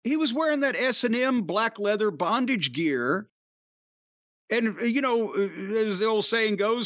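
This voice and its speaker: A man on a podcast telling rambling, profane stories in a casual, animated way. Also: extremely high pitch, a little slow, dry recording, dull audio. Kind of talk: casual storytelling chat.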